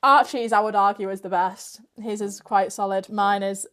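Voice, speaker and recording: A woman hosting a casual chat, talking in an animated, chatty way full of "like". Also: mid-range voice, moderate pace. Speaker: podcast host.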